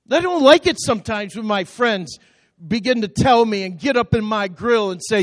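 A man's voice: high-pitched, expressive, normal speed, no echo. A middle-aged male pastor preaching a sermon in a church, impassioned and building into call-and-response. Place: church auditorium.

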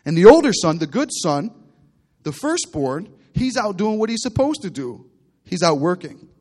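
A man preaching a sermon, retelling a parable with animated storytelling and bursts of loudness. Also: high voice, moderate pace. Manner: animated storytelling preacher, acting out characters with big swings in loudness. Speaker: pastor.

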